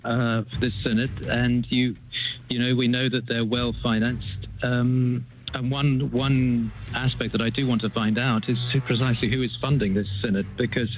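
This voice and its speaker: A male journalist answering interview questions in a thoughtful, hesitant way. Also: mid-range voice. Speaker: journalist guest. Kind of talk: radio interview. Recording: dull lo-fi call line with music under it.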